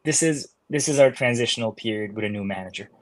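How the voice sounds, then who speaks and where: A man's voice: medium pitch, fast, dry recording. A man co-hosting a casual sports podcast who talks wryly and laughs at his own remarks. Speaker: podcast co-host.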